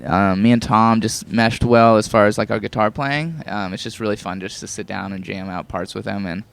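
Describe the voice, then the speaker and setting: A man in a band chatting casually in an interview, joking and filling gaps with "like" and "um", his voice a bit hoarse. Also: lowish voice, moderate pace. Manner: relaxed, joking, lots of fillers. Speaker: band member.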